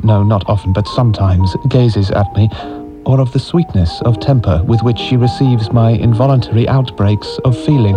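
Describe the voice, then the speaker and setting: A man giving an anguished, emotional dramatic reading of letters. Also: fairly low pitch. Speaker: reader.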